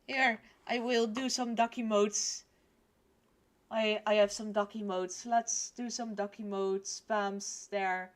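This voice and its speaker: Excitable slow-talking woman streamer. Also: medium pitch. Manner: excitable, shrieks and cries out at the game. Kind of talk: game playthrough with read-aloud story text.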